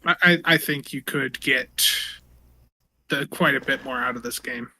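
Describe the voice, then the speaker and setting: A man's voice: medium pitch, a little slow, sharp tone. A man on a casual podcast panel, earnest and often repeating words as he starts. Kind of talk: casual discussion.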